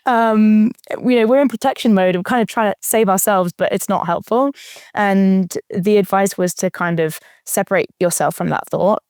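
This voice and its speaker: A woman's voice: medium pitch, moderate pace, a little mellow, no echo, clean studio sound. A young adult woman talking casually as an interview guest, thoughtful, with frequent fillers and restarts. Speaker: interview guest, marathon runner.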